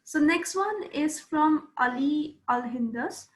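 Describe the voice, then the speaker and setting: A woman moderating a session, reading out audience questions slowly and carefully. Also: high-pitched, animated. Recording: roomy echo.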